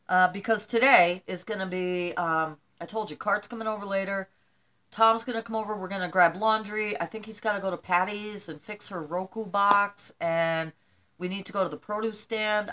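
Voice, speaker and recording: An older woman chatting casually to camera as a vlogger, rambling warmly through shout-outs and tearing up as she talks. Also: lowish voice. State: teary.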